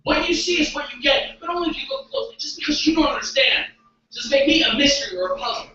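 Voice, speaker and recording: A spoken word poet declaims with intensity at a live show. The voice is very bright and cutting. It is picked up from far away in a very echoey room, with faint background noise and a muffled sound. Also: sits high, animated, fast talker. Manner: intense, declamatory, call-and-response. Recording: distant mic in an echoey hall.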